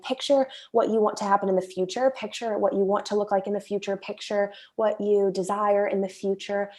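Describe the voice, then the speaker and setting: A young woman chats as a guest over a video call, her mid-range voice loose and full of "like"s. She slips into quick mimicry of her own inner thoughts as she talks. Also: medium pitch, darkish tone. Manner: chatty, many filler "like"s, acts out her inner voice. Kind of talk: casual chat.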